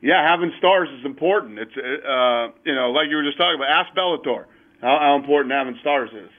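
A man's voice: fairly high pitch, fairly quick. A man being interviewed over the phone, talking in a blunt, emphatic way. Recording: tinny phone line.

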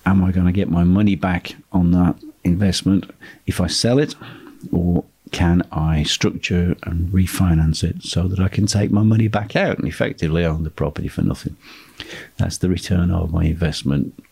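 Deep, husky male property tutor. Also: moderate pace. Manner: steady, emphatic, repeats key phrases. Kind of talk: instructional monologue.

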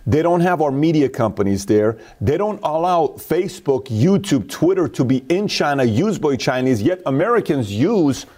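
Emphatic man with a mellow voice. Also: a little high, animated, normal speed, few pauses. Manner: emphatic, storytelling with acted quotes. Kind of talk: opinionated casual talk.

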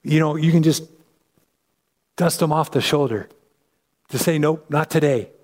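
A man's voice: fairly high pitch, a little slow, darkish tone, big-room sound. A man preaching as a pastor, teaching scripture in an emphatic, conversational way that keeps checking in with his listeners. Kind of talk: sermon, Bible teaching.

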